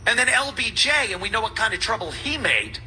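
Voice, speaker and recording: A man's voice: high voice, big pitch swings, brisk, sharp tone, slight background noise, rough recording. A man hosting a talk show, delivering a sarcastic, ranting monologue full of mocking asides.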